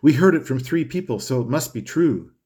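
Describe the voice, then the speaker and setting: A breezy, teasing rich young woman with a lifted, lively voice, as a male audiobook reader puts her on. She talks in a breathy, animated rush, full of playful insistence. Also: medium pitch, fairly quick, voice pushed up, natural voice. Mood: insistent.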